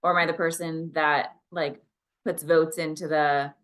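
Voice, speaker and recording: Bright, low-pitched woman podcast co-host. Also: flat delivery, measured pace, clean tone. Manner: encouraging, coach-like, upbeat. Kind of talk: casual chat.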